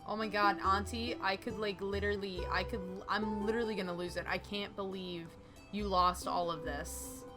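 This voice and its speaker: A woman's voice: medium pitch, steady tone, moderate pace, over music. A woman hosting a gaming channel, chatting casually as she plays and often exclaiming and talking back to the game. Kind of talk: casual let's-play commentary.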